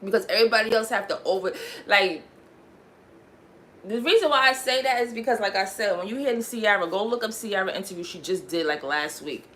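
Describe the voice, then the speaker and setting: A woman with a New York accent has just woken up and is rambling chattily as a livestream host, stretching out her filler words. Her voice is medium-pitched and fairly bright, with a slight hiss or hum in the recording.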